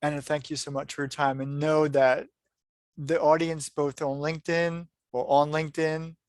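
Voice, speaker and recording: A man's voice: on the high side, little pitch movement, moderate pace, no echo, studio quality. A man hosting a podcast interview, polite and appreciative, thanking his guest often as he wraps up a live stream. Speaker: podcast host. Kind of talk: interview wrap-up. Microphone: live-stream setup.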